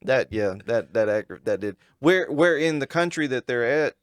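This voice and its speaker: Smooth-voiced rambling man on a podcast. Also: medium pitch, lively intonation, moderate pace, no room sound, studio quality. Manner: rambling, stumbles over names, repeats words. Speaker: podcast co-host. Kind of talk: casual chat.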